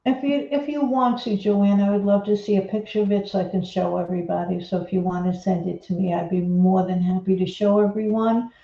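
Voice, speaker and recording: A woman hosting a crafting livestream, talking casually and rambling excitedly as she reads viewer comments and apologizes often. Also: mid-range voice, fairly quick, creaky, few pauses. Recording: roomy, dull lo-fi sound.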